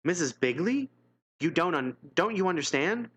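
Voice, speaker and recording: A man's voice: a little high, big pitch swings, moderate pace, fairly bright tone, pitched above the performer's own voice. A man reading aloud the lines of a frightened young maid trapped by a curse, pleading for help in read-aloud gamebook dialogue. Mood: desperate. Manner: pleading, desperate.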